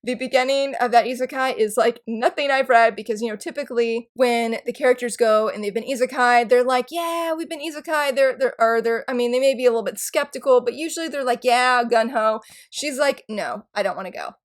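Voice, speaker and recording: Gushing, excitable woman book vlogger. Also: fairly high pitch, fairly quick. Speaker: book YouTuber. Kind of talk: casual chatty vlog.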